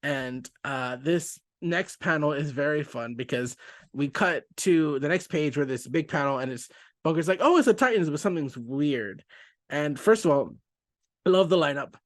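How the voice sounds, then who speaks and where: A chatty man walks through a comic page by page, often breaking off mid-sentence and laughing along the way. His voice sits a little high. The sound is dry and close, with no room echo. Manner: chatty, self-interrupting, quick to laugh. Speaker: comic book podcast host. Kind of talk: casual comic review.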